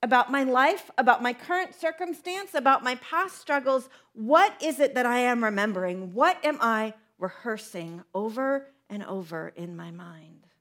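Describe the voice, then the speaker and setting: A woman's voice: a little high, animated, moderate pace, few pauses, a bit bright. A woman preacher giving a conversational sermon, asking her listeners many questions.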